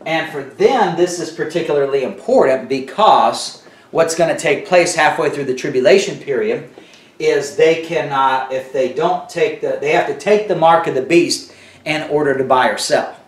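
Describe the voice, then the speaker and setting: A man's voice: fairly high pitch, normal speed, reverberant, far from the mic. A man teaching verse by verse in a loose, conversational way, full of fillers and asides. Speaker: Bible teacher. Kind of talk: casual Bible teaching.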